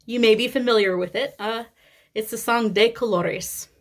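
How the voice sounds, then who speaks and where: A woman in her thirties with a Midwestern American accent chats candidly and casually as a cross-stitch vlogger, her voice a little high at normal speed. She's talkative and sprinkles in swearing and laughter.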